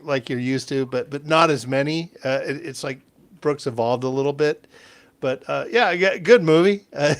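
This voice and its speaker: A man of middle pitch reviews a film on a casual podcast. His speech is halting and full of repeated words. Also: vocal fry. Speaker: podcast co-host. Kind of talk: casual chat, movie review.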